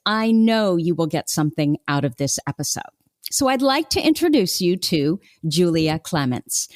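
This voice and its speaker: A woman's voice: lowish voice, darkish tone, dry recording, studio quality. A woman in her forties hosting a podcast, chatting casually and laughing often. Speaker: podcast host. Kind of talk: casual interview chat.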